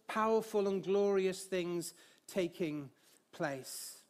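High-voiced man preaching a sermon. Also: a little slow. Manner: expressive, rising emphasis on key phrases; light humor with the congregation, sings hymn lines.

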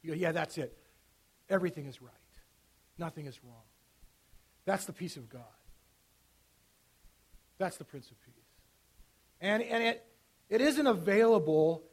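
A pastor preaching in a relaxed, conversational way, his voice sitting a touch higher than most men's. He stumbles and restarts often, then drops almost to a murmur on the phrases he wants to land. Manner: conversational, with frequent restarts and dropping to a hush at key phrases. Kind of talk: sermon.

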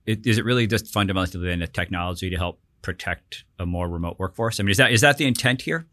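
A man hosts a podcast and steers the talk with questions, relaxed and conversational. His voice is bright and on the low side. The sound is dry and close. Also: fast talker, dry recording. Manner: asks questions, leads the talk, friendly. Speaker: podcast host. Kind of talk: casual podcast hosting.

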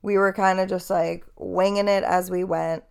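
A woman's voice: on the low side, flat delivery, moderate pace, creaky, smooth. A young woman hosting a podcast, telling a story in a chatty, candid way with casual swearing. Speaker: podcast host.

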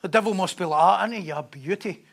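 A man preaching a sermon in an animated, joking way, often repeating words. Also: high-pitched, racing, vocal fry.

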